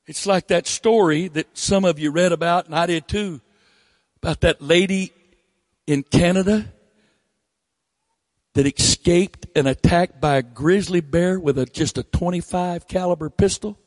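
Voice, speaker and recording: A man's voice: measured pace, no echo, clean studio sound. A male preacher, delivering a blunt, folksy sermon with teasing asides into a handheld microphone. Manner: folksy, blunt, teasing, drops to low mocking tones.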